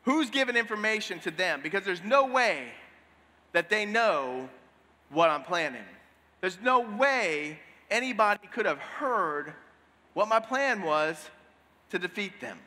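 A man playing a proud, angry ancient king, giving his lines slowly and with heavy emphasis. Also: high-pitched, expressive, pushed and bright, full character voice. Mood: suspicious. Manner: boastful, emphatic, drawn-out phrasing. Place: church sanctuary. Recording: long hall reverb.

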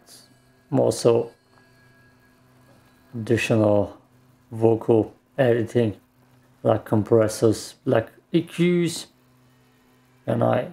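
A man's voice: mid-range voice, takes it slowly, gravelly, long pauses, warm tone. A man mutters casual gameplay commentary to himself while he plays, with some mild swearing. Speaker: gaming streamer.

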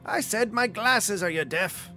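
A man voicing a deep gravelly old troll woman. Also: a little slow, pushed and bright, faint music behind. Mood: irritated. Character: gravelly old female troll, squinting, cranky.

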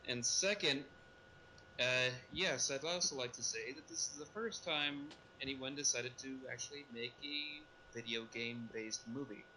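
A man's voice: mid-range voice, normal speed, pushed and bright, a little hiss or hum, rough recording. A man co-hosting a casual podcast discussion, rambling and correcting himself as he goes. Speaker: podcast co-host.

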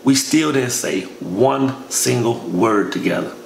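A man's voice: mid-range voice, slow, creaky. A man telling a long personal story in a casual, slangy way, calling the listener "man" again and again. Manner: relaxed, says "man" constantly, slangy. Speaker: storyteller recounting army training. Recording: echoey room with faint noise.

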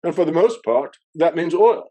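A man's voice: a little high, expressive, moderate pace, mellow, breathy edge, voice pushed up. A man mimicking a pompous British minister. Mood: proclaiming. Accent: mock British.

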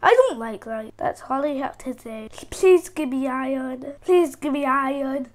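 A woman's voice: high voice, measured pace. A woman giving casual gameplay commentary, chattering to herself, easily startled and repeating phrases over and over. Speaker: gaming channel host.

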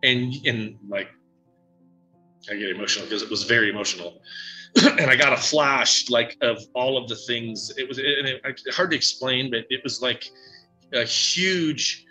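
A man with a very bright, forward voice tells his story in a halting, emotional way, full of fillers and restarts. Faint music plays underneath him. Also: mid-range voice, rough recording. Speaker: psychic medium guest. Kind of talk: casual interview storytelling.

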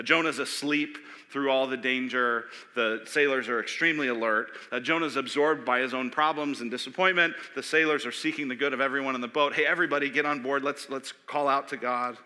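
A man preaching a sermon as pastor, animated, asking questions and acting out voices. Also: medium pitch. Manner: animated, acts out voices, asks the audience questions. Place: church sanctuary. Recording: long hall reverb.

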